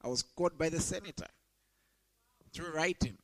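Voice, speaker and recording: A man's voice: on the high side, moderate pace, a bit bright, rough recording. Man preaching with rising emphasis. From Zambia. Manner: emphatic, rises sharply when quoting scripture. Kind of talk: sermon.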